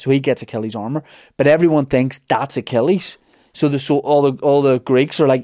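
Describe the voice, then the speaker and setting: A man spins an old myth as casual comic storytelling, wandering off into jokes and asides. His voice is warm and mellow, recorded close and dry with no room sound. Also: medium pitch, steady tone, moderate pace, no room sound. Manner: rambling, jokey, full of asides and restarts. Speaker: podcast host telling a myth.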